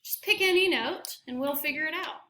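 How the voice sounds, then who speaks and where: Bright, high-voiced teacher woman. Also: fairly quick, echoey room. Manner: upbeat, counts rhythms aloud in syllables. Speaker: choir teacher. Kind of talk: classroom demonstration. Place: school classroom.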